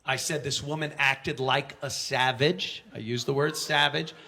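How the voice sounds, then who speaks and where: Bright-voiced man telling a story. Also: mid-range voice, fairly even intonation, measured pace, vocal fry, slight background noise. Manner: storytelling, acting out quotes with raised voice; frequent restarts and stammers. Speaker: conference speaker. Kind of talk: anecdotal speech to an audience.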